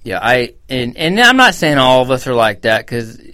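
A male podcast co-host in easygoing talk. He tells stories bluntly, full of swearing and quick asides, at an ordinary, middling pitch. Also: big pitch swings, pushed and bright. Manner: profane, blunt storytelling. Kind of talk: casual podcast chat.

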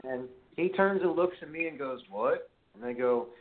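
A Brooklyn man with a New York accent hosts a casual call-in chat, wandering into long, profane stories. His voice sits at an ordinary pitch for a man. It comes through a tinny, phone-like line with a faint hiss behind it. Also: animated, normal speed, hardly any pauses. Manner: rambling, profane, storytelling. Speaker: podcast host.

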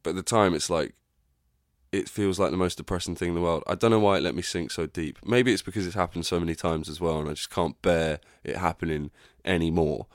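Brisk and low-voiced, with fairly even intonation, a young podcast host delivers a casual, candid monologue, reflecting, rambling and swearing freely. The recording is dry and of studio quality.

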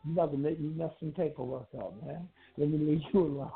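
A man's voice: on the high side, a little fast. A man calling in to a talk show, chatting casually in a laid-back, slangy way and laughing often. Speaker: caller. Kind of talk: casual call-in chat. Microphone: phone. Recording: gravelly voice over phone line.

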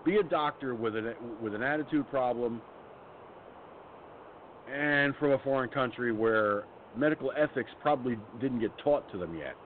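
A man's voice: mid-range voice, normal speed. A man hosting a radio talk show who tells stories in a blunt, angry, profane rant. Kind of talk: ranting personal storytelling. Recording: phone-like line with faint noise.

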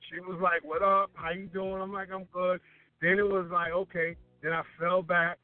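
A man telling a casual story in chat, animated and acting out the voices of the people he quotes. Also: sits high, normal speed, no echo. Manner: animated, acts out quoted lines. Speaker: guest DJ. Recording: tinny phone-line sound with faint music.

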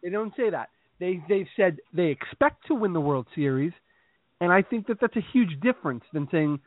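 A man co-hosting a casual sports podcast, talking his opinions through in a measured way with frequent restarts. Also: sits high, lively intonation, no room sound. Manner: measured, reasoning, repeats starts. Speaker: podcast co-host. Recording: dry tinny phone-like sound.

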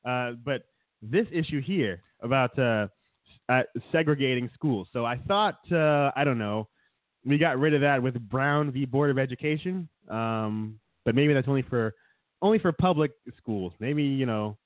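A man's voice: medium pitch, normal speed, no room sound. Sarcastic man on a tinny line. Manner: sarcastic, mocking, laughs often. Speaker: podcast co-host. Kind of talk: casual political chat. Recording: dry, tinny phone-like sound.

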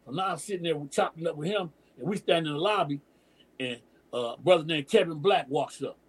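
A Detroit DJ and emcee in middle age, appearing as a podcast guest, dominates the conversation with a long story told in loose, profane street slang, slipping into the voices of the people he quotes. For a man his voice is somewhat high, with a husky, slightly rough texture. He talks briskly, and the audio is poor.

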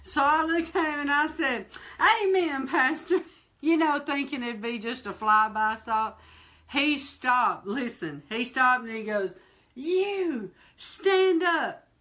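A woman hosting a fireside chat, telling a personal testimony in a lively, colloquial way and talking straight to her listeners. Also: a little high, a little slow. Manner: animated, laughing, acts out quoted voices; colloquial, addresses listeners directly. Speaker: ministry host.

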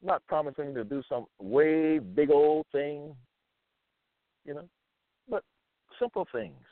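A man reading scripture verses aloud and commenting on them, slowly repeating phrases with fillers between them. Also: a little high, animated, no room sound. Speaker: self-styled preacher. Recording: tinny phone-like line.

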